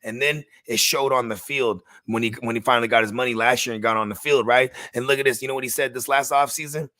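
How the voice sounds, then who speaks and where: A man co-hosting a late-night fantasy football chat, talking in a loose, profane, joking way with animated storytelling. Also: medium pitch, quick pace, no room sound, studio quality. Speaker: podcast co-host.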